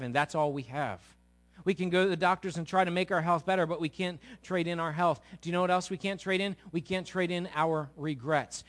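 A middle-aged male pastor with a high-set voice preaches to his congregation. He talks animatedly, quizzes the crowd and acts out little scenes, swinging between loud and hushed. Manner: animated, asks the audience questions, acts out quotes. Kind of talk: sermon to a live congregation.

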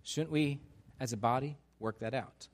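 A man preaching a sermon in a church, animated, acting out the voices of people he quotes. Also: mid-range voice, normal speed. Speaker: pastor. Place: church sanctuary.

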